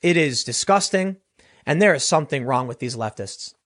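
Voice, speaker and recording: A man doing solo political commentary, animated and rambling, often restarting his sentences. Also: a little high, moderate pace.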